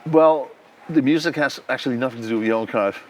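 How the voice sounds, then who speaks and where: A middle-aged Dutch-accented man chats through an interview as a composer. He tells stories with lively energy, breaking into sung melodies to make his point. His voice sits at an ordinary middle pitch. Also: fast talker, slight background noise. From Netherlands. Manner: animated storyteller who sings melodies aloud.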